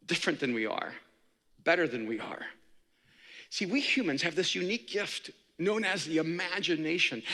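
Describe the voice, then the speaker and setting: A man's voice: high voice, sharp tone. A man giving an inspirational talk to an audience in a humorous, preacherly, dynamic way. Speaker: speaker. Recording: echoey hall reverb.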